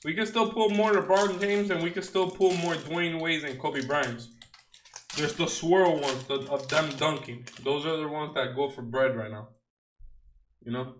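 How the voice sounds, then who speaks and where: A man's voice: on the high side, steady tone, moderate pace, echoey room, a little hiss or hum, poor audio. A young man opening trading card packs on a stream, talking casually in slang and joking with mock outrage at the cards he pulls. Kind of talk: casual unboxing chat.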